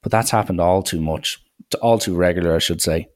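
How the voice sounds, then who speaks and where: A man, a podcast host telling coaching stories in a casual, animated way and acting out the people he quotes. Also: fairly quick. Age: 20s. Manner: animated, acts out quoted people with big pitch jumps. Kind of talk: casual storytelling monologue.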